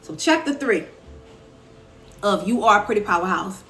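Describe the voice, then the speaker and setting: A woman's voice: medium pitch, animated, normal speed, a bit bright. A young woman talking casually to viewers on a live stream, answering their comments as she goes. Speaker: author and live-stream host. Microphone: phone. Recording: echoey room with faint ambient noise.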